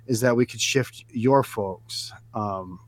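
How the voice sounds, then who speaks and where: A man placing a prank call, stammering and repeating himself while he keeps a soothing, patronizing calm. His voice sits at a middling pitch. The sound is close and dry, with no room around it. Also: takes it slowly, no echo. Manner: hesitant, repetitive, falsely soothing. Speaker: prank caller host.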